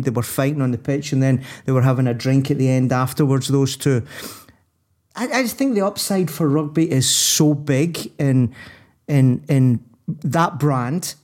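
A man's voice: mid-range voice, darkish tone. Rambling man talking sport. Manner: rambling, thinking aloud with many restarts. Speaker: podcast co-host. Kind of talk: casual sports chat.

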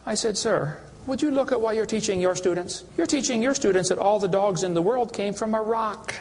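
A man's voice: high-pitched, expressive, fast talker, breathy edge. A man giving a preaching lecture to an audience, telling folksy, mocking stories with acted dialogue. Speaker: creation science speaker.

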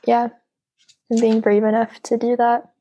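A woman's voice: on the high side, monotone, a little slow, dark tone. A woman taking part in a book discussion podcast, answering in a casual, slightly hesitant way. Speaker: discussion participant.

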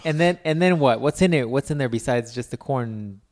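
A man's voice: mid-range voice, brisk, darkish tone. Teasing man in crude banter. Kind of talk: casual chat.

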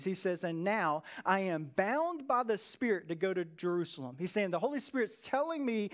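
This is a high-voiced male pastor delivering an animated sermon that feels like conversation. He preaches with energy and leans on dramatic pauses.

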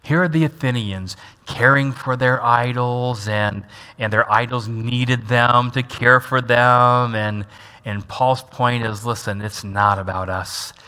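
A man's voice: medium pitch, fairly even intonation, takes it slowly, sharp tone, clear, resonant tone. A man preaching a sermon as pastor, emphatic, repeating key lines and having the congregation say them back. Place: church sanctuary. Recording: long reverb of a large church hall.

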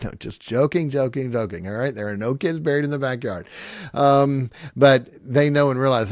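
A man's voice: medium pitch, moderate pace, no room sound, studio quality. A middle-aged man teaching parents in a conversational way, acting out lines of parents and kids and laughing often.

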